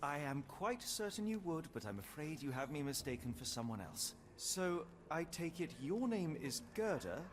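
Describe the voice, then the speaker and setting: Sherlock Holmes, a precise detective. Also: male voice, a little high, big pitch swings. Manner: formal, polite and measured. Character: composed, precise male detective. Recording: game audio with noise.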